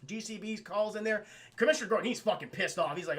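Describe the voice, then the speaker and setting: A man's voice: high voice, fast talker, fairly bright tone. A man casually recapping a cartoon on a live stream, rambling and swearing as he talks straight to his chat. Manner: rambling, profane, addresses chat.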